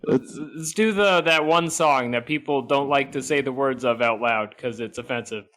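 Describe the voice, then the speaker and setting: A man's voice: mid-range voice, normal speed, a bit bright. A man co-hosting a podcast, riffing in casual comedic chat with mock outrage and swearing. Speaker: podcast co-host.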